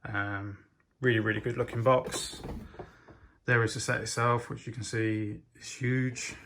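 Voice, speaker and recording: A man's voice: mid-range voice, level tone, measured pace, noisy background. A man giving a casual, enthusiastic toy set review, talking with frequent hesitations and ums. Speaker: LEGO reviewer.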